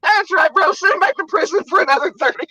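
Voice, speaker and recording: A brash woman co-hosting a livestream, cussing and exclaiming loudly. Her voice is bright and forceful, at a middle pitch. The sound is close and dry. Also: fast talker, no room sound, low-quality recording. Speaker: livestream co-host. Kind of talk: loud casual chat.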